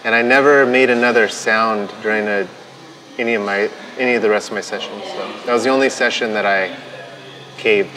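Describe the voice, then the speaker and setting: A man, a tattoo artist, telling his story in a documentary interview, halting and restarting often and quoting his own thoughts. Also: fairly low pitch, steady tone, sharp tone, poor audio. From United States.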